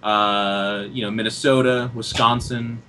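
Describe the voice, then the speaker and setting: A man's voice: on the low side, measured pace, slight background noise. A man from the Seattle area co-hosting a podcast, chatting casually and animatedly. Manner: animated, mimics angry commenters. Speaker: podcast co-host. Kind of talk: casual chat.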